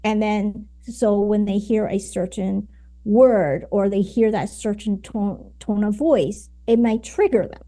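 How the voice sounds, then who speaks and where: A woman's voice: medium pitch, a little slow, dark tone. A woman guest on a podcast, explaining her ideas at length, with many fillers and "right?"s. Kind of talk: conversational interview.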